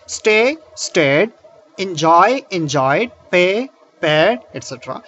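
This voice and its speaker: A man teaching a grammar lesson, explaining slowly with many fillers and restarts. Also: high-pitched, animated, fairly bright tone, highs cut off. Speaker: English teacher.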